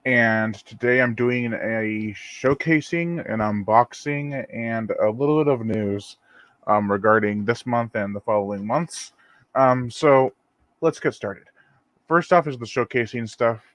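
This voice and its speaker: A man's voice: medium pitch, a little slow, no echo. A man hosting his own channel, chatting casually through an unboxing and reading viewer comments on a live stream. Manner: rambling and relaxed, reads viewer comments aloud. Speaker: channel host.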